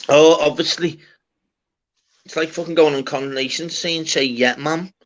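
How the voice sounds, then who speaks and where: A man's voice: a little high, steady tone, normal speed. Scouse guy bantering on a live stream, lots of swearing, bit muffled lo-fi sound. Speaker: stream host. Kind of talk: casual live-stream chat. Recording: slightly dull lo-fi audio.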